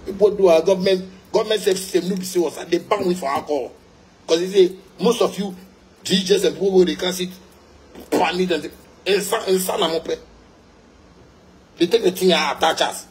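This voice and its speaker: A man's voice: high voice, normal speed, slight background noise. Ranting man with a Ghanaian Pidgin accent. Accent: Ghanaian English with Pidgin. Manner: heated, repetitive, insulting, loud bursts. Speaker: musician ranting. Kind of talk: angry rant.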